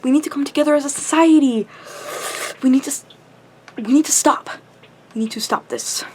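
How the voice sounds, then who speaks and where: A woman's voice: high-pitched, a little fast, a little mellow, a little hiss or hum. A young woman ranting to camera, frustrated and impassioned, swearing heavily, tired late at night. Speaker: vlogger.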